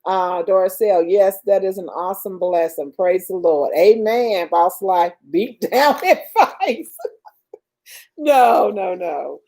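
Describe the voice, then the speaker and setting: Slow, soft-toned older woman chatting. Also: medium pitch, animated. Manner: slow, drawn-out and warmly religious, laughing often. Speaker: livestream host reading viewer comments. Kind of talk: casual livestream chat.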